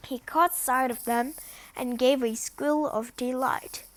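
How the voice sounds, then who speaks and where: A woman's voice: high voice, steady tone, a bit bright, no echo. A woman reading a storybook aloud, carefully and at times in a whisper. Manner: slow, careful, sometimes whispered. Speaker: reader.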